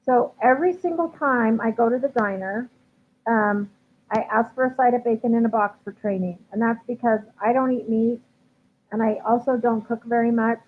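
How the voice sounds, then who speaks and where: Speaking at a moderate pace in a fairly high pitch, a chatty dog trainer fields viewer questions in a relaxed live Q&A, sprinkling in lots of ums and likes. Her livestream computer mic gives a tinny, phone-like sound with a faint hiss.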